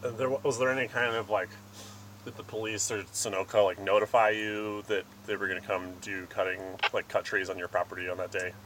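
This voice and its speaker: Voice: sits low, steady tone, a little fast, a bit bright, slight background noise, poor audio. An interviewer outdoors asking hesitant follow-up questions with many fillers.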